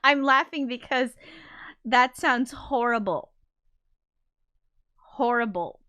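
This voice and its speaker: A woman's voice: on the high side, measured pace, pauses often, smooth. A woman hosting a casual livestream, reading viewer comments aloud and reacting with shocked exclamations and laughter. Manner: chatty and rambling, with loud shocked reactions and laughter. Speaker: livestream host and composer.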